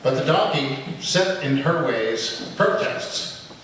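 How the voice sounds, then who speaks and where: A man's voice: medium pitch, lively intonation, slow, crowd noise. A man from Michigan, a guest preacher telling jokes and stories in a sermon in a church sanctuary. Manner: joking, storytelling. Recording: echoey hall, distant mic.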